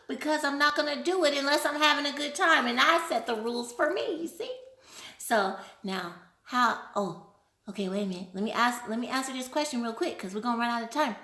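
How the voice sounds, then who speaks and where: A woman hosting a casual live stream, playful and animated, laughing often while she answers viewer questions. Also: on the high side, brisk, roomy sound. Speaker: livestream host.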